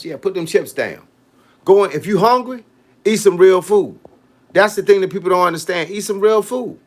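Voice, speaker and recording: A boxing coach in his late fifties hosts a casual livestream, reading comments and handing out animated, preachy advice in street slang. His voice is high, and he speaks at a moderate pace.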